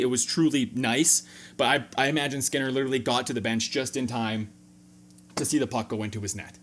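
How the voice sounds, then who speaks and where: A man hosts a sports fan reaction video, his voice at a medium pitch with a bit of background noise. He talks through the game in a relaxed, joking way, now and then bursting into sudden animated jumps.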